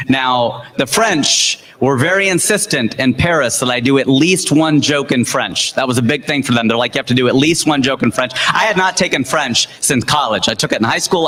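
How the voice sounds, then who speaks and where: An American man in his forties doing stand-up with animated, punchy storytelling. His voice sits on the high side for a man, and it rings with the long reverb of a big event hall. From United States. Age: 40s. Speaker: stand-up comedian. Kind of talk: stand-up comedy set. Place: large event hall with audience.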